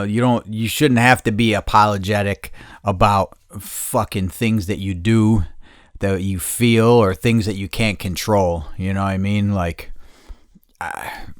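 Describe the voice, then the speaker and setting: A man's voice: lowish voice, a bit bright, dry recording, clean studio sound. A male podcast host talking outdoors in a casual, rambling rant, blunt and defiant, swearing freely. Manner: rambling with tangents and restarts. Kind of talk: casual ranting monologue. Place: outdoors in the heat.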